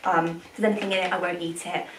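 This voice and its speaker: A woman's voice: fairly low pitch, flat delivery, fast, roomy sound, noisy background. A woman in her twenties talking to camera in a casual vlog. She rants in exasperation, often restarting sentences and trailing off. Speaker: vlogger.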